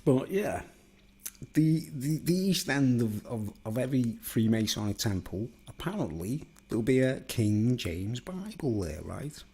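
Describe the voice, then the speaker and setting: A man's voice: mid-range voice, big pitch swings, a little slow, mellow, slightly rough. A man delivering a digressive, conspiratorial solo monologue, constantly seeking agreement. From England. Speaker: vlogger.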